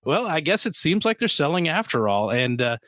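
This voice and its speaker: A man's voice: fairly high pitch, big pitch swings, brisk, fairly bright tone, no room sound. Rambling man co-hosting a beer show. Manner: rambling, with many fillers and restarts. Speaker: podcast co-host. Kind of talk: casual chat.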